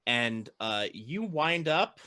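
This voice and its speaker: Unhurried man running the game. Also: mid-range voice, big pitch swings, pushed and bright, clear, resonant tone, no echo, clean studio sound. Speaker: dungeon master. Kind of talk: narrating a tabletop game.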